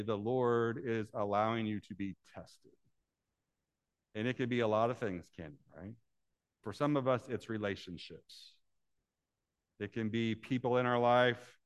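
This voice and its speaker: A male pastor giving a sermon in a church, mid-pitched voice. He tells a story with animated turns, then slows and grows quiet and earnest as he speaks to the people in front of him. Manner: storytelling, then earnest and drops softly low. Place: church sanctuary with congregation.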